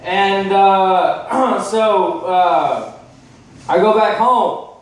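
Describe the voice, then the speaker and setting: A man's voice: high-pitched, drawn-out words. A man from Texas doing a stand-up set, chatty, swearing and checking in with the crowd. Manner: chatty, asks the crowd "right?" often, swears. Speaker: stand-up comedian. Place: comedy club stage. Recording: echoey club from far off.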